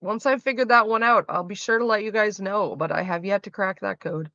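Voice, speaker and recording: A woman's voice: mid-range voice, fairly quick, pushed and bright, dry recording, highs cut off. A woman livestreaming, answering her chat in a frank, chatty way and swearing freely. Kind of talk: casual chat.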